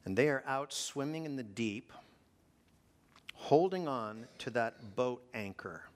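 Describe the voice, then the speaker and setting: Male pastor, sermon, lively pitch, slow deliberate delivery, rhetorical questions. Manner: animated preacher, rhetorical questions to the congregation.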